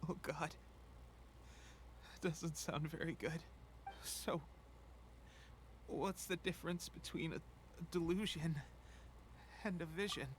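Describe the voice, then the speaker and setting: An actor playing a weakened young soldier in a video game who coughs and speaks in an earnest, halting way. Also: male voice, on the high side, fairly even intonation, slight background noise. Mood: weary. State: weak, coughing.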